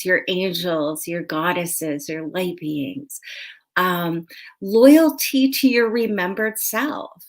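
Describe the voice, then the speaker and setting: A woman hosting a casual tarot reading, talking in a chatty way with lots of "you know" and laughing at herself. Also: mid-range voice. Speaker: tarot reader and host.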